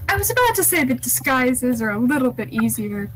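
A woman's voice: high voice, sing-song, fairly quick, breathy edge, rough recording. A woman playing a tabletop game, chatting in a dry, teasing way. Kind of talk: casual chat.

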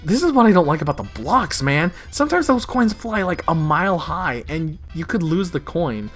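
A man giving casual, excitable let's-play commentary, swearing and laughing often. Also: fairly high pitch, normal speed. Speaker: gamer. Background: faint game music.

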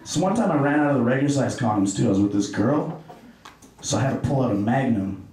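A man's voice: medium pitch, animated, quick pace, a little mellow, very echoey, distant mic, poor audio. A young man performing a stand-up set on stage in a self-deprecating, offhand storytelling manner. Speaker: stand-up comedian. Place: comedy club stage.

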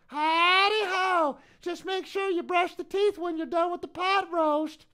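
A man voicing a cheery cartoon piece of poo, squeaky and singsong. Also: fairly even intonation, measured pace, pushed and bright, exaggerated voice.

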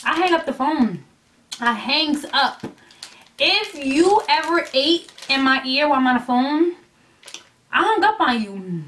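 A woman vlogging to her camera in a casual, animated way, blunt and emphatic with some swearing, rambling as she loses her thread. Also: sits high, a little slow, a little hiss or hum. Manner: rambling and chatty, losing her train of thought. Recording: voice a little distant from the mic.

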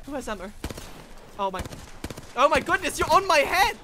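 A woman giving excitable, frantic gameplay commentary, often breaking into laughs. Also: high voice, fairly quick, a little hiss or hum. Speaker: gaming video creator. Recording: gunfire and game sounds behind voice. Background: game gunfire and effects.

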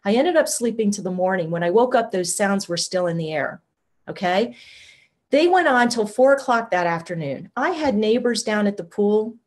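A woman guest in an interview, telling a personal story in an animated, conversational way, often saying "like". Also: medium pitch, normal speed. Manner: animated, conversational, uses "like" a lot. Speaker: guest, shamanic healer.

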